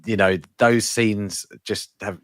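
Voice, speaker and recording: A man appearing as a podcast guest, talking about a film in a relaxed, thoughtful way. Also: on the low side, slow pace, no echo, clean studio sound. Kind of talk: casual film-review chat.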